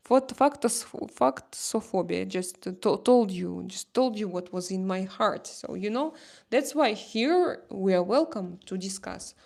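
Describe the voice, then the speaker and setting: A woman with a Slavic accent hosting a casual livestream chat, answering viewers' comments in halting, animated English full of restarts. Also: medium pitch, creaky. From Slavic country. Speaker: livestream host.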